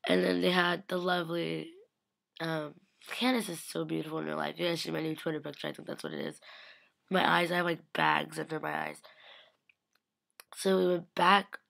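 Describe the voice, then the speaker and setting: Young woman, lowish gravelly voice, casual excited recap packed with "like", slips into quoted voices. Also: moderate pace, pauses often. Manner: gushing, rambling with constant "like"; acts out quotes in shifting voices. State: slightly sick. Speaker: vlogger. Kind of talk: casual recap of a fan convention.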